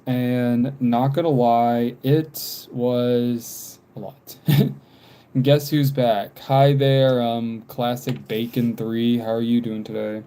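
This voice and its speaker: An American man in his twenties livestreams himself doodling and chats casually as he draws, rambling, repeating himself, and saying "um" a lot. His medium-pitched voice is dark and clean, with a steady tone and an extremely slow pace.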